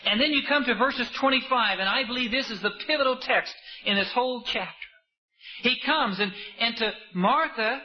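High-voiced preacher, dull lo-fi recording. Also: male voice, normal speed. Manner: impassioned, rhetorical questions, dramatic swings from loud to hushed. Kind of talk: sermon.

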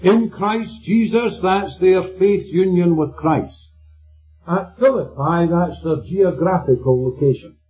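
This sermon comes from a man with a high-pitched voice who speaks slowly and emphatically, using questions to check in with his listeners. Faint music plays under the dull lo-fi recording.

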